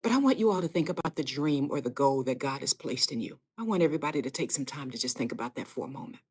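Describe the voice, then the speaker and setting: A woman's voice: very deep voice, animated, quick pace, a little mellow, slightly rough. A woman giving a live inspirational sermon on her podcast, speaking earnestly and directly to her listeners with repeated phrases and fervent emphasis. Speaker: podcast host and faith speaker.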